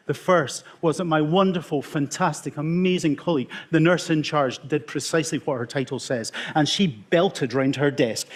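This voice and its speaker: A middle-aged Scottish man, an emergency consultant, telling wry, self-mocking stories in a talk with dramatic pauses. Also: on the high side. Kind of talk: storytelling conference talk.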